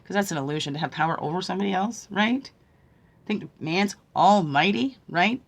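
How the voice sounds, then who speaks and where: A woman acting as a spiritual guide and card reader. She muses softly during a livestream talk, often asks "right?", and swings from hushed tones to emphatic preaching. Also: fairly low pitch, normal speed, creaky. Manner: soft-spoken, musing, often asking "right?".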